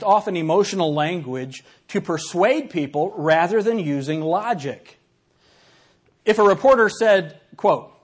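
A man whose voice sits fairly high lectures a class with animated, chatty energy, reading examples aloud and throwing questions out to the audience.

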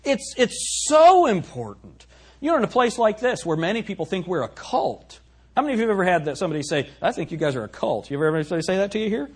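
A man preaching a sermon as pastor, swinging between soft reflection and loud, emphatic exhortation. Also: high-pitched, very animated, quick pace, husky.

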